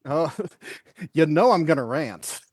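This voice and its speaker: A man's voice: a little high, lively intonation, slow, darkish tone, no echo. Male podcast guest, enthusiastic, laughs a lot, dry close sound. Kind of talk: casual podcast chat.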